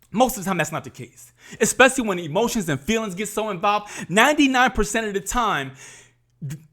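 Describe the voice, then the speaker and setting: A man's voice: sits high, a bit bright. A man talks straight to his viewers like a preacher. He is emphatic and candid, leaning on repetition to hammer his points home. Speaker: podcast host. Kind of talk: candid faith talk to viewers.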